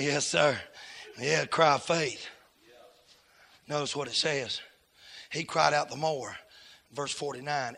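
A man preaching a sermon, swinging from hushed storytelling to loud shouting. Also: fairly high pitch, gravelly, husky.

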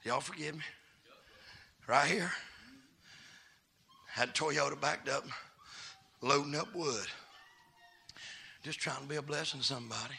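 A middle-aged man, a pastor telling folksy stories that build into shouted preaching. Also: fairly high pitch, a little slow, vocal fry, long pauses, slight background noise. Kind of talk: sermon.

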